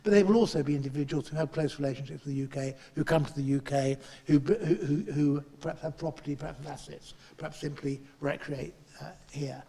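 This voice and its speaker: A middle-aged man chairing a panel and giving a speech, halting and restarting often as he talks in a meeting room in Parliament. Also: on the high side, fairly even intonation, creaky, dark tone, slightly rough, big-room sound. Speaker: chair and politician.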